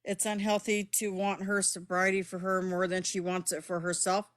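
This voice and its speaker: A woman's voice: medium pitch, flat delivery, moderate pace. A middle-aged woman live streaming from her phone, talking straight to her chat in a heated, defensive way and swearing as she goes.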